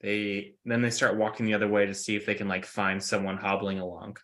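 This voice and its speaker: A man's voice: lowish voice, level tone, brisk, fairly bright tone. A man narrating as game master in a casual tabletop session, describing scenes with many fillers.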